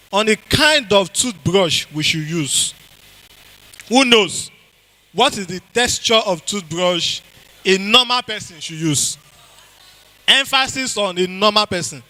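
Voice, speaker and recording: This high, bright, forceful male voice belongs to a Nigerian-accented speaker delivering a health talk at church. He questions the congregation and keeps repeating important phrases, captured on a rough recording.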